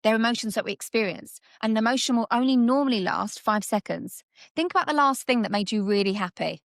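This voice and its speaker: A woman guest coach talking through mindset ideas in a lively, conversational way, often acting out little scenes. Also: on the high side, quick pace, no echo, studio quality. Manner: animated, acts out little scenes in different voices.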